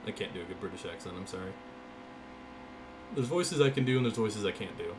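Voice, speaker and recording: A man's voice: on the low side, fairly quick, pauses often, noisy background. Man calling a racing game live. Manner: excited play-by-play calls, then loose chatty asides. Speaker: gaming streamer.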